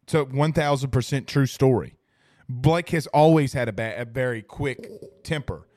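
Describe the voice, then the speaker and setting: A man's voice: medium pitch, normal speed, darkish tone, dry recording, clean studio sound. A man hosting a casual sports talk livestream, reading chat comments and rambling emphatically with repeated phrases. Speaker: host reading live chat. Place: studio.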